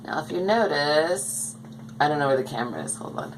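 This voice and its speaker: A woman's voice: low voice, lively intonation, brisk, background noise. A woman chatting casually to the camera in a rambling way as she shows her dolls at home. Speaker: doll collector vlogger. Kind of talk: casual chat. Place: home, indoors.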